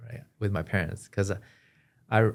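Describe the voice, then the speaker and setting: A man as a podcast guest, telling his personal story in an earnest, halting way with frequent restarts. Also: on the low side, fairly even intonation, vocal fry. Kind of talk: personal testimony in an interview.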